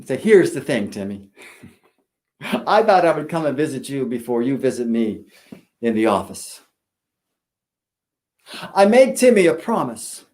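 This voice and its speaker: Expressive man telling a heartfelt story. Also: sits high. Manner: dramatic storytelling with expressive pauses. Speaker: school principal. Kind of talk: storytelling speech.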